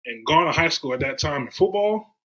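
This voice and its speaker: A man from Durham, North Carolina, sits as a podcast guest and talks through his stories in an easy, casual way. His voice is bright and forward, and he slips into the voices of people he quotes. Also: fairly high pitch, a little fast, low-quality recording. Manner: animated storyteller, acts out quoted voices. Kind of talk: casual storytelling chat.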